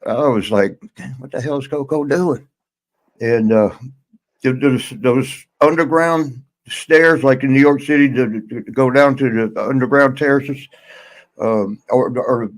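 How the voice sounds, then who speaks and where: A man spins a loose, unscripted yarn as a podcast host, stopping and restarting often and chuckling along the way. His voice sits at an ordinary middle pitch. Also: low-quality recording. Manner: rambling, halting, chuckles through his story. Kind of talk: casual storytelling.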